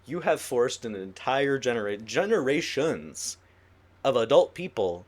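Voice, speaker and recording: A man's voice: mid-range voice, a little slow, breathy edge. A young man chatting on a casual podcast, laughing often and riffing through playful rants. His voice sits in a middle range and bounces around as he jokes. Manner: giggly, animated, jokey rants. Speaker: podcast co-host. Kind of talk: casual chat.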